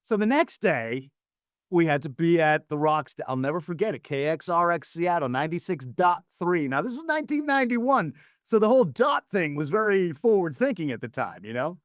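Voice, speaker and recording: A man telling a story in a casual podcast chat, animated and acting out the people he quotes. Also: brisk, no room sound, studio quality. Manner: animated, acts out quotes with big pitch jumps. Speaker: former record promotion man, guest storyteller.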